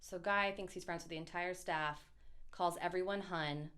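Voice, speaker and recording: A woman's voice: lowish voice, fairly even intonation, moderate pace, a bit bright, clear, resonant tone. A woman co-hosting a live comedy stream, reading audience suggestions in a bubbly way. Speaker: co-host picking chat suggestions.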